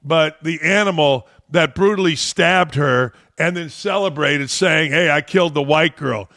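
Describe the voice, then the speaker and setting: A man's voice: on the high side, unhurried, bright, forceful tone. A man hosting a sports-talk podcast, ranting in a blunt, profane, combative way. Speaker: podcast host.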